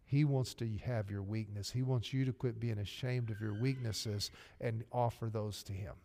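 A man's voice: lowish voice, fairly even intonation, moderate pace, vocal fry, dark tone, slight background noise. A man with a Southern US accent preaching a sermon to his congregation, in an earnest, direct manner. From Arkansas. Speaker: pastor. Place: church sanctuary. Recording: long hall reverb, faint music. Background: faint music.

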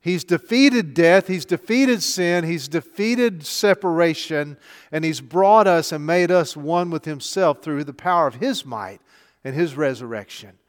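A man's voice: on the high side, a little slow. An older man, a pastor, preaching a chatty sermon full of rhetorical questions. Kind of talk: conversational sermon. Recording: long hall reverb.

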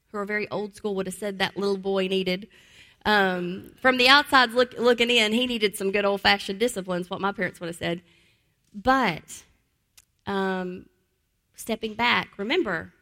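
A woman teaches trauma-informed care in a middle-pitched voice. She repeats key phrases for emphasis and often lowers into a calm, gentle tone to show how to soothe a child. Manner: drops to a calm, soft voice to model soothing words. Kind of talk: teaching talk.

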